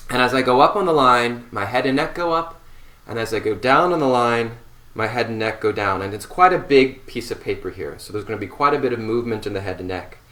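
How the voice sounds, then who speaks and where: A man teaching a seated voice warmup, giving slow, calm instructions between long sustained hums. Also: medium pitch. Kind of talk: guided voice warmup. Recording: roomy echo.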